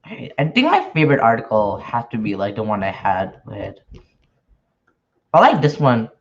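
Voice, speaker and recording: A man's voice: on the low side, sing-song, normal speed, gravelly. A man chatting casually on a livestream while he works, sounding nervous and hesitant, with frequent restarts and filler words. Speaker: podcaster and newsletter writer. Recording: dull lo-fi stream audio.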